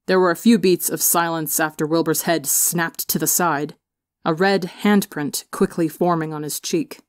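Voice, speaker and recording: A woman reading fan fiction aloud as an audiobook narrator, expressive on the emotional beats. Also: sits low, moderate pace, no echo, studio quality. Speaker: audiobook reader. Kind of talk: storybook narration.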